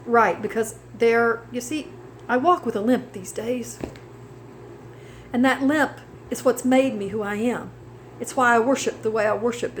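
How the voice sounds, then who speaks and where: A woman with a somewhat high voice tells her personal testimony of healing. She speaks earnestly and slides into a preaching cadence full of scripture. A faint background noise sits under her voice. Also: poor audio. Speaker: cancer survivor giving testimony.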